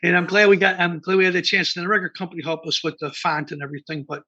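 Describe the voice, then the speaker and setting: A man's voice: high-pitched, flat delivery, very fast, sharp tone. A man in his sixties from the American Midwest, a band founder telling rambling stories as an interview guest, full of fillers and restarts. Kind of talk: casual interview storytelling. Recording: dull lo-fi remote interview audio.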